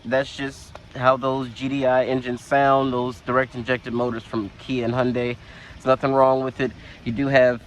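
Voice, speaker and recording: A man at an ordinary mid-range pitch walks around a vehicle, chatting casually as he points things out. His delivery is relaxed and full of little fillers. Faint outdoor ambience sits behind his voice, picked up by the camera mic. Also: a little hiss or hum. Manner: relaxed, conversational, lots of fillers. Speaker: car reviewer. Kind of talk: casual walkaround review.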